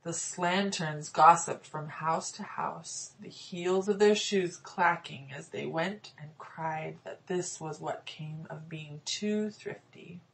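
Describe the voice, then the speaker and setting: Low-voiced woman narrating a fairy tale. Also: gravelly, slight background noise, low-quality recording. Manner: measured, storytelling. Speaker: audiobook narrator. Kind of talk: scripted narration.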